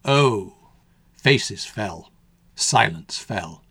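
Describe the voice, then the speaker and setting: Male radio storyteller, husky, wry, dry studio read. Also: lowish voice, animated, drawn-out words, bright, forceful tone, dry recording. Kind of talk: storybook narration.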